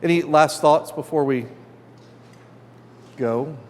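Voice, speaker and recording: A man's voice sitting a little high, teaching a Bible class as priest. He is animated, voicing the characters' grumbles as he goes. The sound carries a long reverb from the hall. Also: takes it slowly. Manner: animated, acts out characters' complaints. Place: church hall.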